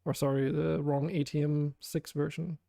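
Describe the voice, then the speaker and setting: A man's voice: on the high side, little pitch movement, moderate pace, creaky, mellow, no echo, clean studio sound. A man streaming a game, chatting casually with viewers in a chatty, self-deprecating way and laughing often. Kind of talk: casual live-stream chat.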